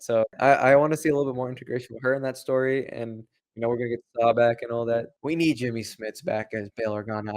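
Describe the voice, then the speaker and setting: A man's voice: medium pitch, darkish tone. A man co-hosting a casual livestream chat, joking and rambling loosely with lots of fillers. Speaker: co-host.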